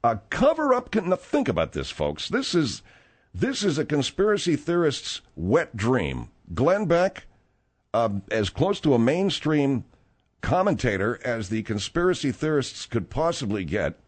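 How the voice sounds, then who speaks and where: A middle-aged man hosts a talk-radio show with a lively, swooping delivery. He rambles through stories in a casual way, full of fillers and asides. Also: mid-range voice, unhurried, husky. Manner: rambling and animated, with frequent fillers.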